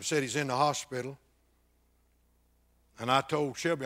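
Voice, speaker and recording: This older man is a pastor sharing a personal testimony, his delivery swinging from loud bursts to hushed, almost whispered passages. His voice is mid-range, his intonation fairly even, and he takes his time.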